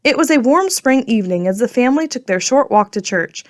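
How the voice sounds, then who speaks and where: A woman reads a children's storybook aloud in a clear, gentle way. Her voice sits somewhat high. The recording is close and dry, with no room sound. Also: lively intonation, fairly quick, no room sound. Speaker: audiobook narrator. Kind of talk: storybook narration.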